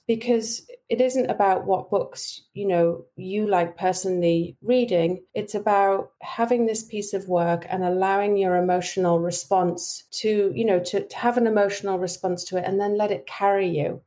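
A woman from Britain, an actress and audiobook narrator, talking as a podcast guest in a warm, thoughtful way. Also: medium pitch. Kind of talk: interview conversation.

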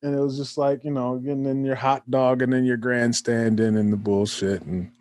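A man's voice: mid-range voice, flat delivery, moderate pace, darkish tone, no echo. Man, podcast host, rambles, fillers, dry close sound. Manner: rambling with many fillers, profane. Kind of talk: casual podcast chat.

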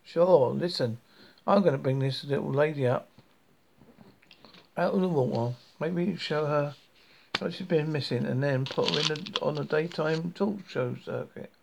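A man's voice: on the high side, measured pace, gravelly, noisy background. A man voicing a greedy, scornful neighbour who speaks dismissively and mockingly.

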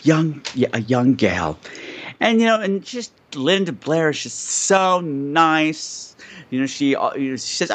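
A man's voice: a little high, unhurried. A man co-hosting a podcast, chatting casually about a movie and acting out quotes in different voices. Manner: animated, acts out quotes in voices. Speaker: podcast co-host.

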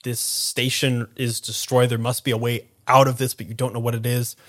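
A man's voice: mid-range voice, little pitch movement, moderate pace, fairly bright tone. A man narrating a tabletop game as game master, with vivid, playful descriptions.

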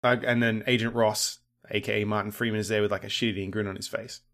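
A man's voice: fairly low pitch, flat delivery, fast talker, fairly bright tone. A man in casual conversation about movies, laughing often and acting out quoted lines. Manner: laughs often, tells theories with mock quotes.

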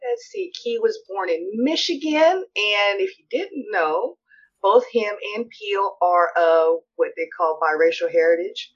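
A woman co-hosting a podcast, chatting in a relaxed, thoughtful way with some hesitations. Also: medium pitch, measured pace, slightly rough, muffled recording. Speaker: podcast co-host. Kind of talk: casual chat.

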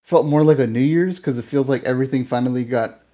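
Young male podcast co-host, relaxed dark tone, loose and filler-heavy. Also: mid-range voice, quick pace. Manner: rambling, filler-heavy, animated retelling. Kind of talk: casual movie review chat.

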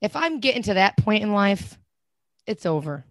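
A woman's voice: mid-range voice, very animated, moderate pace. A woman co-hosting a podcast in casual chat, blunt, sarcastic and gossipy. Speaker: podcast co-host.

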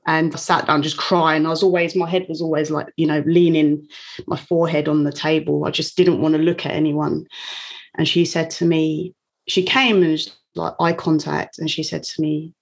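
A woman's voice: low-pitched, flat delivery, normal speed. A woman, a guest on an interview, telling a personal story openly and emotionally, laughing now and then. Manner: candid, emotional, laughs often.

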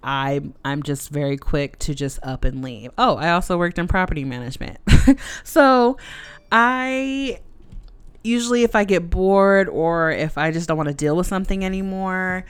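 A woman's voice: low-pitched, clean tone. A young adult woman hosting her own podcast, telling a personal story in a chatty, candid way with frequent asides. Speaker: podcast host. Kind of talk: casual solo podcast storytelling.

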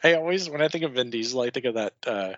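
A man's voice: mid-range voice, lively intonation, quick pace, a bit bright, no echo, lo-fi sound. A young man co-hosting a casual podcast, opinionated and profane, often chuckling. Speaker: podcast co-host.

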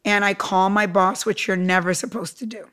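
A woman's voice: medium pitch, moderate pace. A middle-aged woman from Cuba, an entrepreneur guest, telling her story with emphatic energy in a podcast interview. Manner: animated, emphatic, acts out quotes.

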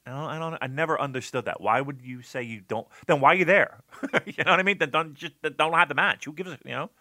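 A man co-hosting a podcast argues his opinions emphatically, restarting sentences and filling pauses. His voice is bright and forceful, and it is recorded dry and close with no room sound. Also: a little high, dry recording. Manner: animated, emphatic, many repeated starts and fillers. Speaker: podcast co-host. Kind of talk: casual opinionated discussion.

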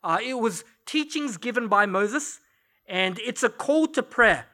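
Bright-voiced male pastor preaching. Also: very high voice, lively intonation, unhurried. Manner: conversational, storytelling with light laughs. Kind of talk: sermon. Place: church service.

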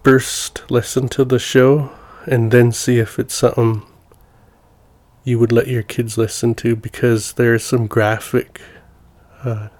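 Earnest male podcast host, flat delivery. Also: medium pitch, slow, no room sound. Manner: earnest, hesitant restarts. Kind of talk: casual podcast intro.

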